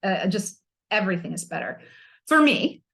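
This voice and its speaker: A woman's voice: mid-range voice, sing-song, normal speed, vocal fry, a bit bright. A woman hosting a self-help podcast, talking candidly and with humor, using playful slang. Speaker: podcast host.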